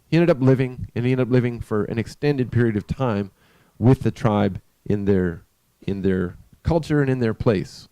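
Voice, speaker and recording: A man with a mellow, dark voice recounts a story at an unhurried, conversational pace. His sound is dry and close, with no room echo. He now and then turns to his listeners with a question. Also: mid-range voice, clear, resonant tone. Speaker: live stream host. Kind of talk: spoken storytelling with a spiritual message.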